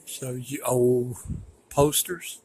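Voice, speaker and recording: A man narrating casually as he films his walk through a museum, rambling and folksy and quick to complain. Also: mid-range voice, steady tone, darkish tone, slightly rough, rough recording. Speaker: vlogger touring a museum. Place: indoor museum.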